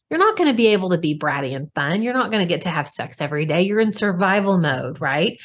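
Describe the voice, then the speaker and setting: A woman hosting a podcast, talking frankly and expressively, swearing casually and speaking straight to her listeners. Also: lowish voice. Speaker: podcast host. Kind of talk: candid conversational podcast talk.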